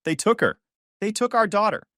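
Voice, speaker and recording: A man's voice: mid-range voice, animated, moderate pace, a bit bright, no echo, studio quality, lightly acted. A man voicing a desperate drunk brother, voice breaking. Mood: distraught. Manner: pleading, voice breaking.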